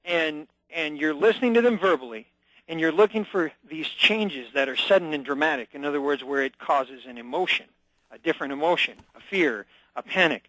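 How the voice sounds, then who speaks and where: A man speaking as a guest on a talk radio show, his voice sitting a little high. He talks with energy and emphasis, jumping into quick acted-out examples. The sound is close and dry, with no room around it. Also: fairly bright tone, no room sound, rough recording. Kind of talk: phone-in radio interview.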